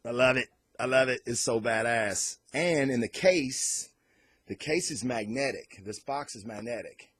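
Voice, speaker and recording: A man hosting a casual comic book unboxing and review vlog, talking in an excitable, loose way and cursing freely. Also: medium pitch, unhurried, slightly rough.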